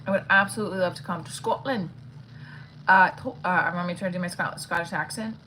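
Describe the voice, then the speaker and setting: A woman's voice: fairly low pitch, fast, sharp tone, slight background noise, poor audio. A woman comedian chatting frankly on a phone livestream from home, rambling and swearing casually. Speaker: stand-up comedian.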